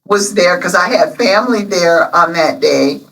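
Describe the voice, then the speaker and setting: A woman in her seventies, guest on an interview, telling stories warmly and emotionally with many pauses. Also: lowish voice, distant mic, rough recording. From Illinois, USA. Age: 70s. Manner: emotional, storytelling, many ums. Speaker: interview guest, local alderman. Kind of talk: casual interview chat.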